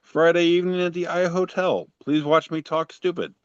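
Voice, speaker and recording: Smooth-voiced man on a muffled line. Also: on the high side, steady tone, moderate pace, no room sound. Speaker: podcast co-host. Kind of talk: casual podcast chat.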